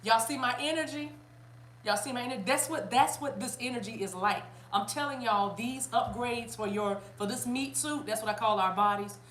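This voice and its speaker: Animated woman in an echoey room. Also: on the high side, normal speed, a little hiss or hum. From South Carolina, US. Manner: animated, chatty, bursts into laughter and song. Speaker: spiritual reader. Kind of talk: casual spiritual reading to camera.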